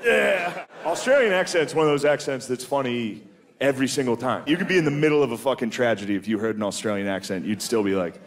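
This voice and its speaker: A man's voice: mid-range voice, fast. A man doing stand-up comedy, crude and profane, chuckling at his own jokes and saying dude a lot. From United States. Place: comedy stage before a live audience.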